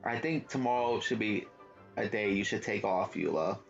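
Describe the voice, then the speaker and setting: A man's voice: fairly low pitch, normal speed, gravelly, highs cut off, faint music behind. A young man hosting a gaming channel, giving casual, slangy commentary and laughing at the game. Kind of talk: casual let's-play commentary.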